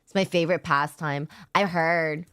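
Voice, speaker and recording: A woman's voice: deep voice, fairly even intonation, normal speed, fairly bright tone, clear, resonant tone. A young adult woman streamer chatting casually with her chat, laid-back, swearing often and laughing a lot. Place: home streaming setup.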